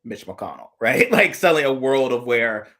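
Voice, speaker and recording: This co-host of a casual live chat is a man with a medium-pitched, expressive voice, a sharp tone, and a moderate pace. He thinks aloud in long analytical asides, rambling and restarting often.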